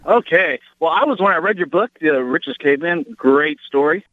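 A man's voice: a little high, lively intonation, normal speed, no room sound. A young adult man, a college student, calling in politely with a question. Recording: tinny phone line.

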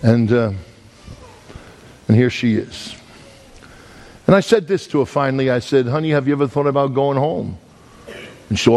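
A man's voice: mid-range voice, sing-song, moderate pace, long pauses, a little mellow, husky. A man preaching as an evangelist, telling a story in a folksy, emphatic way with many restarts and repeated words. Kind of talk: storytelling sermon.

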